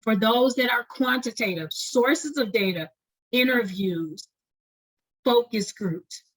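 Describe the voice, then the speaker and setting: Woman, instructor, webinar lecture, fast-talking, fairly high voice, keeps asking "right?". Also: fairly bright tone, husky, low-quality recording. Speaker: doctoral writing instructor.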